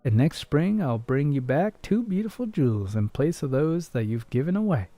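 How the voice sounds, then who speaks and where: A man's voice: on the high side, very animated, measured pace, warm tone, dry recording, pitched above the performer's own voice. A man voicing a small, loyal male swallow with a raised, earnest voice. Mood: tender.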